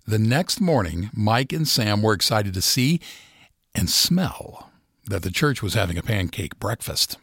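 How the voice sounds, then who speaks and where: A male reporter narrating a news feature in a measured, scripted storytelling delivery. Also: lowish voice, big pitch swings, creaky, a bit bright, slightly rough, no echo, clean studio sound.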